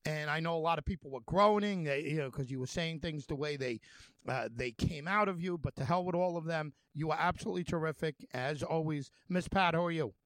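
A male radio host interviewing a guest, talking in halting, rambling runs with many fillers and restarts. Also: a little high, a bit bright, dry recording.

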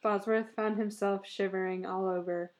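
A woman narrator reading a short story aloud in a steady, measured storytelling manner. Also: medium pitch.

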